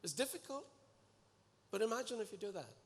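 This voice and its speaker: A man preaching a sermon to a congregation, earnest and animated, pleading and exhorting his listeners. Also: high-pitched, fairly quick. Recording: echoey hall with long reverb.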